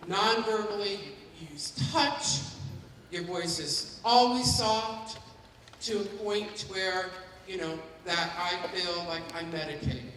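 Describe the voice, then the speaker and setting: Woman running a caregiver workshop, bright forceful voice, keeps asking the crowd "right?", big roomy hall, mic far off. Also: mid-range voice, slight background noise. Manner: interactive, keeps checking in with the audience. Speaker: dementia care educator. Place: large hall at a community forum.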